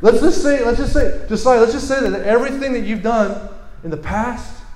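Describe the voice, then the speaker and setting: A man delivers a sermon in a relaxed, chatty way, pulling listeners in by name and laughing along with them. His voice sits fairly high, and the room adds a noticeable echo. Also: moderate pace. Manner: casual, animated, laughs often, talks to audience members. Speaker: pastor.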